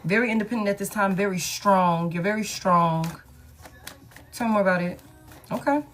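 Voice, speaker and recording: A woman's voice: medium pitch, normal speed, faint music behind. A woman giving a casual collective tarot reading, blunt and slangy, swearing freely and hyping the listener up. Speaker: tarot reader.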